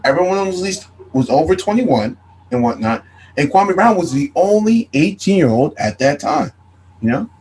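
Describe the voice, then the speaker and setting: A man's voice: on the high side, big pitch swings, moderate pace, darkish tone, low-quality recording. Man reciting facts over faint noise. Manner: lists facts, says "and whatnot" often. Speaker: podcast co-host. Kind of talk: casual chat.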